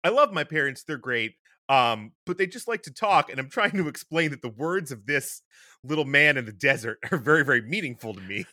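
Lively, bright-voiced man chatting casually. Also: mid-range voice, fairly quick, no room sound, studio quality. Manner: animated, laughing, restarts often. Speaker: podcast co-host. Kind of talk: casual chat.

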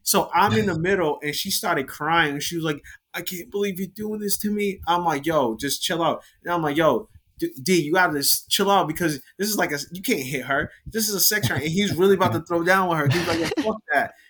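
A man's voice: a little high, a little fast, hardly any pauses, breathy edge. Man telling a wild story casually. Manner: animated storyteller, swears a lot.

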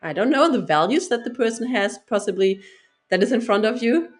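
A woman's voice: on the high side, animated, brisk. Hesitant woman thinking aloud. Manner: hesitant, searches for words, laughs often. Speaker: discussion participant. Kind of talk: casual conversation.

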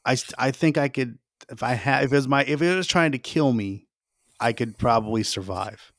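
A man's voice: mid-range voice, normal speed, a bit bright, dry recording. Casting: a brash, boastful man co-hosting a podcast, swears a lot, dry close sound. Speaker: podcast co-host. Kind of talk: casual chat.

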